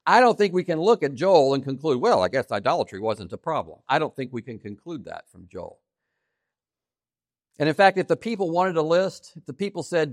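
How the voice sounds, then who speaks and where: Emphatic, lively-voiced male preacher. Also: medium pitch, a little fast, dry recording, clean studio sound. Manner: emphatic, repeats key phrases for stress; swings between loud emphasis and quiet asides. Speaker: pastor. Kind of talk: sermon.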